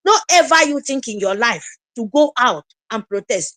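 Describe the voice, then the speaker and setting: Emphatic Nigerian woman, high and lively. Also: moderate pace, no echo. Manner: emphatic, repetitive, urgent pleading. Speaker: activist commentator. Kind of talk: impassioned political address.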